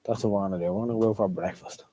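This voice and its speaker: A middle-aged Irish man with a mellow, warm voice, chatting to his viewers on a live stream. He rambles along and repeats himself, and the sound is close and dry. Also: on the low side, fairly even intonation, rapid-fire, breathy edge, dry recording. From Ireland. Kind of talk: casual live stream chat.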